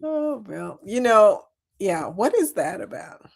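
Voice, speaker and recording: A woman's voice: medium pitch, big pitch swings, takes it slowly, gravelly. A woman hosting a casual livestream, chatty and giggly, calling her viewers y'all as she reads their comments. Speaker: livestream host. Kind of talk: casual live chat reading comments.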